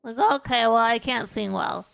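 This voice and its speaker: Chatty woman streamer, fairly high voice. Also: normal speed, creaky, fairly bright tone. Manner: rambling and self-deprecating, with many restarts. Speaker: VTuber streamer. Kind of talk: casual stream chat while gaming. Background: faint background music.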